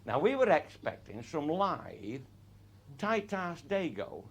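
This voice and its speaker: A man's voice: a little high, sing-song, slow, heavy background noise. A man telling a comic anecdote in an earthy way, swearing freely and chuckling through his punchlines. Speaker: raconteur.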